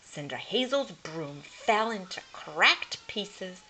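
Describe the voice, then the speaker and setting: Slow, lively storybook reader, a woman. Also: fairly low pitch, slight background noise, low-quality recording. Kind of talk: reading a picture book aloud.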